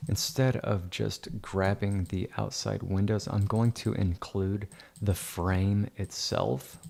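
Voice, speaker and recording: A man's voice: fairly low pitch, little pitch movement, slow pace, creaky, darkish tone. A man giving livestream commentary while editing photos, muttering to himself and breaking into sarcastic teasing rants. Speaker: photo editor streaming live.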